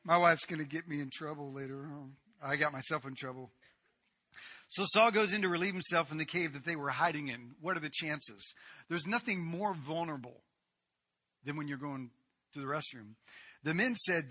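A man preaching a sermon, retelling a Bible story in a lively way with casual asides. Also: a little high, brisk.

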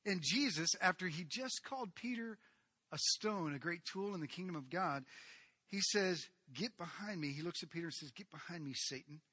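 High bright guy preaching, acts out the characters, dry close sound. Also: moderate pace, slightly rough, no echo. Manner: animated, acts out the people in the story. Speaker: pastor. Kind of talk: sermon.

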